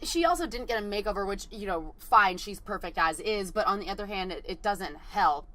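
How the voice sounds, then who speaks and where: A woman co-hosting a casual recap show, wry and quick with dry put-downs. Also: mid-range voice, expressive, pushed and bright. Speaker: podcast co-host.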